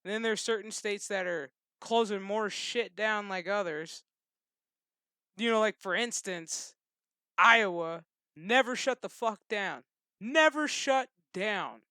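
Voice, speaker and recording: A man's voice: high-pitched, measured pace, pushed and bright, clean tone, no room sound, clean studio sound. A man who hosts his own channel, ranting in a loose, casual way, swearing and laughing as he goes. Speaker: channel host. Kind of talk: casual rant to camera.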